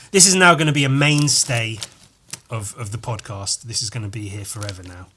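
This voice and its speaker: Bright-voiced man rambling comically. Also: lowish voice, breathy edge. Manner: meandering, self-correcting, crude jokes. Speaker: podcast host. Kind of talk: rambling comedic monologue.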